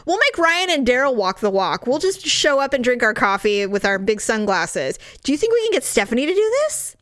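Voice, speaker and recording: A middle-aged woman co-hosting a casual chat, talking in an animated way and swearing freely. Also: brisk, no room sound, clean studio sound. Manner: animated, swears freely, swings up high when riled. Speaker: podcast co-host.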